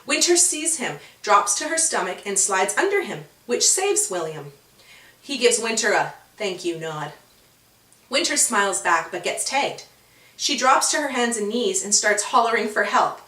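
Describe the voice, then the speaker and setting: A woman reading her own children's storybook aloud with expressive, animated storytelling. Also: medium pitch, moderate pace, roomy sound, far from the mic. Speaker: author and storyteller.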